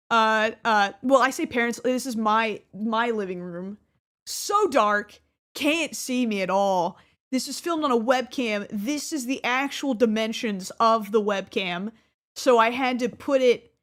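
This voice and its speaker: Looking back at her old videos, a young YouTuber host rambles through casual remarks, often starting sentences over and laughing as she goes. She speaks in a high, slightly bright voice.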